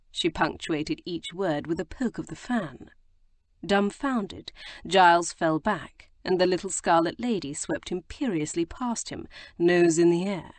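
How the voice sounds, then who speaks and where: A woman narrating a historical romance audiobook in measured storytelling. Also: fairly low pitch, no room sound. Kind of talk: scripted narration.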